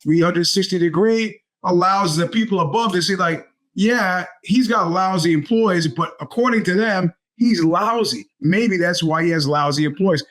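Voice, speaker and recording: A man's voice: high-pitched, moderate pace, few pauses, fairly bright tone. A middle-aged man, hosting a podcast and telling stories in a rambling, casual way, full of restarts. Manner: rambling storyteller with many restarts and fillers. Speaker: podcast host. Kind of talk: casual monologue.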